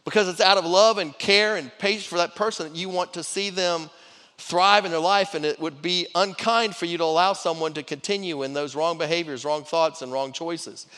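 Bright-voiced man preaching in a reverberant hall. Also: on the high side, fairly even intonation, moderate pace. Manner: repeats himself and restarts while preaching, conversational. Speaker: pastor. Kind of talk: sermon.

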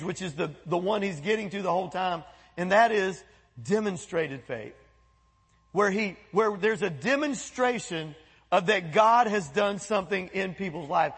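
A man preaching a sermon as pastor, animated, breaking into quoted voices and asides. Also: high voice, vocal fry, breathy edge, long reverb tail. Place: church sanctuary.

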